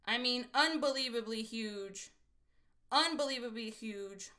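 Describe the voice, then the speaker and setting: A woman from Texas hosting a casual lottery scratch-off livestream, chatty and excitable and talking straight to her viewers. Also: a little high, a little slow. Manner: chatty and excitable, keeps saying "you guys".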